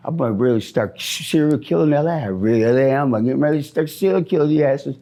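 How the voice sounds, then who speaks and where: Fast-talking and warm, a middle-aged man from Minnesota responds to questions in a street interview with a mid-range voice. He wanders off topic, says things more than once and often closes with "man."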